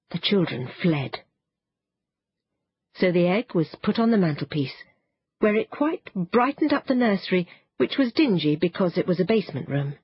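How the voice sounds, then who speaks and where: A woman narrating a children's storybook in an expressive, animated way. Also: on the low side, moderate pace, husky, no echo, muffled recording. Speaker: audiobook narrator.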